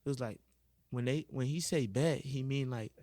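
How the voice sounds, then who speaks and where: A man who is a guest on a podcast, telling a classroom story in an animated, casual way and acting out the voices. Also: mid-range voice, moderate pace, a crowd in the background.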